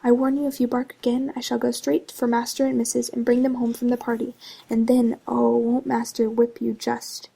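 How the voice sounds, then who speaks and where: Brief: a woman doing a stern storybook maid, flat and husky. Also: fairly high pitch, moderate pace, rough recording. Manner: stern, scolding. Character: stern, dense young servant woman.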